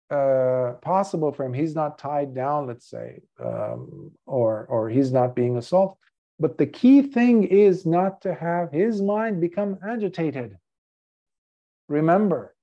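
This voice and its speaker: A male Buddhist monk giving a dharma talk, telling a story in an earnest, measured way. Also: a little high. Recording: dull lo-fi recording.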